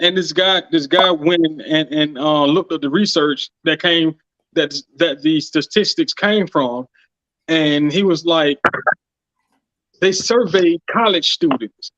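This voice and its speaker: A man co-hosting a casual podcast, speaking haltingly with many restarts as he questions a point. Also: sits high, fairly bright tone, dry recording. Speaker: podcast co-host. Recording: dry, dull lo-fi sound.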